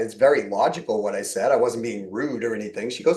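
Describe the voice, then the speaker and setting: A man's voice: medium pitch, brisk, a little mellow, reverberant, rough recording. A middle-aged man hosting a podcast, telling stories in a casual way and acting out quoted conversations. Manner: storytelling, acts out quoted exchanges with laughs. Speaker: podcast host.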